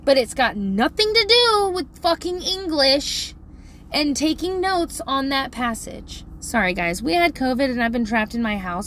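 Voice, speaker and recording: A middle-aged woman telling a parenting story in a casual, animated, profane way, laughing often. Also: high-pitched, moderate pace, slight background noise.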